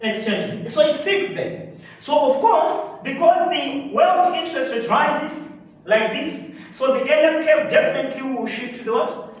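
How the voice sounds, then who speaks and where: A man's voice: very high voice, a little slow. A male lecturer teaching a class, prompting students to finish his sentences with fill-in-the-blank questions. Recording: very echoey room from far off, faint noise.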